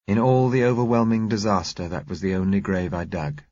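A man reading a novel aloud in measured, grave first-person narration. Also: low-pitched, fairly even intonation, a little mellow, no room sound, muffled recording. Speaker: audiobook narrator.

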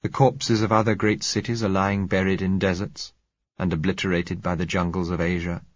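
A man narrates a first-person story in a very deep, husky voice. His reading is measured and somber. The recording is dry and a little dull. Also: little pitch movement, no echo. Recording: dry, slightly dull audio.

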